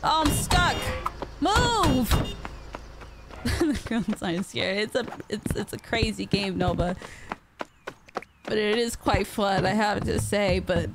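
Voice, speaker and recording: A woman's voice: mid-range voice, a little slow, long pauses. A young woman streaming a video game, reacting with shrieks and laughter. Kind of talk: live game commentary. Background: game music and sounds.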